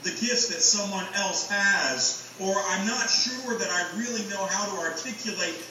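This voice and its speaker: A man preaching a sermon, earnest and emphatic, with pauses and sudden rises in pitch. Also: pushed and bright, slight background noise. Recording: echoey, from a distant mic.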